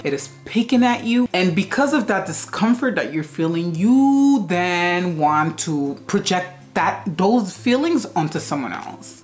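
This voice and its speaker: Chatty low-voiced woman vlogger. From Guinea-Bissau. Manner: chatty, rhetorical questions, frequent "you know". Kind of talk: casual advice vlog.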